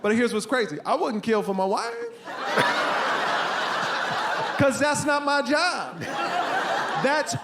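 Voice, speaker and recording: A man in his forties performing a stand-up comedy set, telling stories with animated delivery and shouted impressions. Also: very high voice, slow, vocal fry, pauses often, very noisy. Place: stage before a laughing audience. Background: audience laughter.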